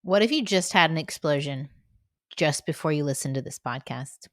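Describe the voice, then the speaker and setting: Brief: woman podcast host, deep for a woman, dry close recording, conversational. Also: animated, moderate pace, no room sound. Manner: warm affirmations, conversational, addresses listeners directly.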